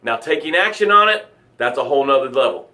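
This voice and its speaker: A man coaching on a live motivational broadcast, telling vivid stories with repeated phrases, and swinging from loud outbursts to hushed words. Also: medium pitch, animated, fast talker.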